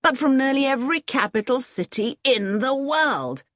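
A woman voicing an agitated male army colonel in an audiobook reading, loud and urgent. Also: high voice, animated, moderate pace, no room sound, studio quality, pitched above the performer's own voice.

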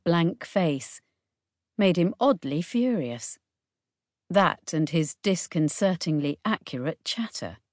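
A woman narrates a novel in an unhurried, measured voice. Her pitch sits slightly low, and the recording is dry and close. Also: a little mellow, no echo. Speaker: audiobook narrator. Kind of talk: scripted narration.

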